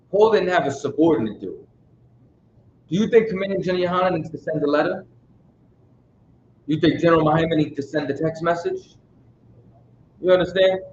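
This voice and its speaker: Emphatic man teaching scripture, roomy sound. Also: fairly high pitch. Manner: emphatic, keeps checking in with listeners; casual street-style speech. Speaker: Bible teacher. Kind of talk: Bible study teaching. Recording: roomy, dull sound with faint noise.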